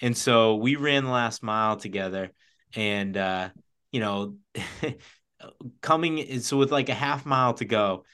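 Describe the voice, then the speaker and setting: A man's voice: medium pitch, a little slow, a bit bright, clean tone. A man in casual conversation, animatedly telling a funny race story and laughing as he goes.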